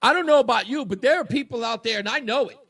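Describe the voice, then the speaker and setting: A man hosting a talk radio show, delivering a mocking, combative political monologue that swings between shouting and low taunts. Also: fast talker.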